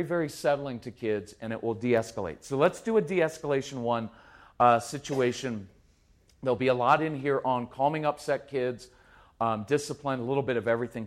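A middle-aged man giving a conversational parenting talk to a live audience, acting out a yelling dad in quick quoted bits. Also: mid-range voice. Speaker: parenting speaker.

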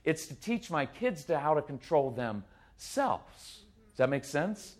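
A middle-aged man giving a live parenting talk to an audience, intense and animated, acting out parents and kids in quick put-on voices. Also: a little high. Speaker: parenting speaker.

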